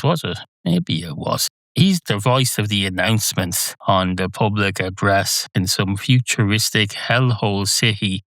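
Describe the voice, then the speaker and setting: A man's voice: fairly low pitch, a bit bright, no echo. A man hosting a solo podcast, talking in a wry, digressive, self-mocking way. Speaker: podcast host. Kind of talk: solo rambling monologue.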